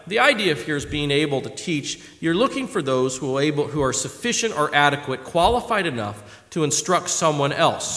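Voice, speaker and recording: A man preaching a sermon, telling stories and swinging from loud exhortation to quiet asides. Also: mid-range voice. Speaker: pastor. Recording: reverberant hall.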